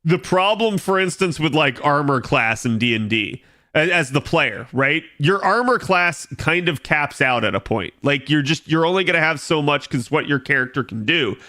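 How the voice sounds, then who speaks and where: A man's voice: on the high side, expressive, moderate pace, sharp tone. A man casually chatting with his stream viewers, thinking aloud with lots of filler words. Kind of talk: casual live-stream chat.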